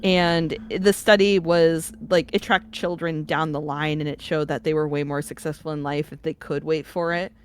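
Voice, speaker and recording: A woman's voice: deep voice, steady tone, normal speed, few pauses, slight background noise. A woman playing in a tabletop game, chatting and explaining her ideas to the group. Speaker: player. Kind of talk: casual tabletop game chat.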